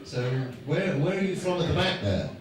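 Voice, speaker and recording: His voice high-pitched and very animated at normal speed, a guest speaker at a fan event banters with a live audience in a large hall and rambles through self-mocking stories on stage. The recording comes from a distant mic in an echoey hall and is noisy.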